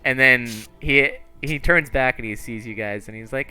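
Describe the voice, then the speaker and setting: A laid-back man running a tabletop game, rambling through the scene as he describes it. His voice is bright and crisp, with faint music behind him. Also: mid-range voice, normal speed, hardly any pauses. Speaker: game master.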